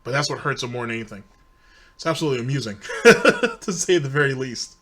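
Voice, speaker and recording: A man's voice: medium pitch, lively intonation, a little fast, fairly bright tone. A man hosting a commentary show, giving dry, sarcastic remarks about a streamer. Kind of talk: mocking commentary.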